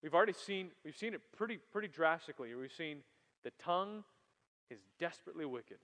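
A man preaching a sermon to young people, animated, swinging from loud emphasis to quiet asides. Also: a little high, a little fast. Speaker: youth pastor. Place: church hall. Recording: long hall reverb.

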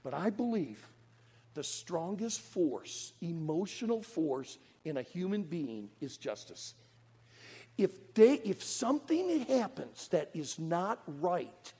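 A man preaching a sermon in a church auditorium, folksy and animated, pulling the congregation into call-and-response. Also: sits high, slow pace, vocal fry, breathy edge, long reverb tail.

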